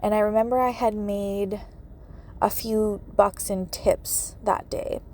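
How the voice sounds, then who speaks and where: A woman's voice: medium pitch, fairly even intonation, takes it slowly, darkish tone, a little hiss or hum. A woman hosting a podcast, telling a personal story with many fillers and laughing through tears. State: tearful. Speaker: podcast host, medium.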